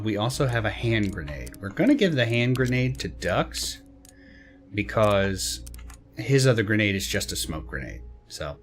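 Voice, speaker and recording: Low-voiced man commenting on gameplay. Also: fairly bright tone. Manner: reads game text aloud, then reacts with chatty asides. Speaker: let's play host.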